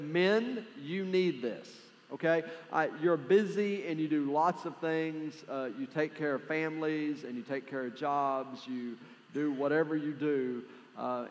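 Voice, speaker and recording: A man with a West Texan accent, preaching a sermon as pastor with prayer and announcements, in an earnest, conversational way with plenty of fillers. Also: medium pitch. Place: large church sanctuary. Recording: long hall reverb with faint music.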